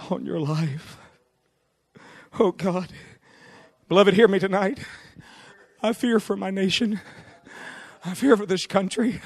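A man preaching a revival sermon, fiery and shouting in a repetitive cadence. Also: high-pitched.

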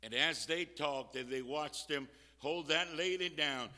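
A man preaching a fervent sermon as a visiting preacher, swinging from shouts to quiet talk. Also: on the high side, measured pace, big-room sound.

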